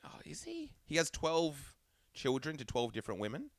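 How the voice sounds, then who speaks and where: A man co-hosting a laid-back podcast, thinking aloud as he goes. His pitch rises and falls a lot, and his voice sounds dry and close to the mic. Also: huge pitch swings, normal speed, vocal fry, no room sound. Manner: rambling, thinks aloud with fillers. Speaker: podcast co-host. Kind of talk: casual chat.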